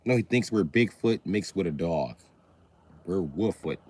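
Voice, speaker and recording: Male streamer, deadpan sarcasm, swearing, pitch swinging widely; casual live chat. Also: a little slow, husky, no echo. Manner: sarcastic, profane, mock-serious. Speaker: livestreamer.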